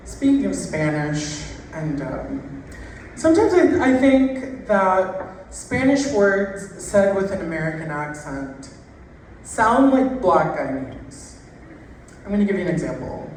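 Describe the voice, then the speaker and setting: A woman stand-up comedian telling jokes in an unhurried, deadpan way, stretching out her punchlines. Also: fairly low pitch, a little hiss or hum. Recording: echoey room heard from a distance.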